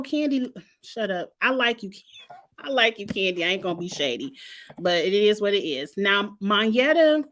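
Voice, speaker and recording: A woman's voice: mid-range voice, a bit bright. Woman, forties, vlogger; casual, sassy, candid delivery, playfully shady. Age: 40s. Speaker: vlogger reviewing reality TV fashion. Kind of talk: casual commentary vlog.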